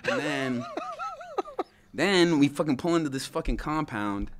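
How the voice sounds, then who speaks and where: A man's voice: a little high, takes it slowly, noisy background. A man telling a war story on a podcast in casual, profane talk, acting out what people said. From United States. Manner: profane, animated storytelling with acted-out quotes. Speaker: podcast guest.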